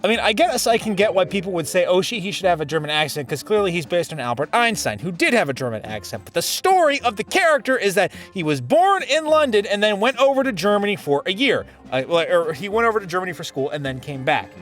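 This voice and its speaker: A man's voice: sits high, very animated, fast, few pauses, a bit bright, faint music behind. A man chatting casually and rambling while playing a story game with friends. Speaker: let's play host. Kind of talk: casual chat over a game.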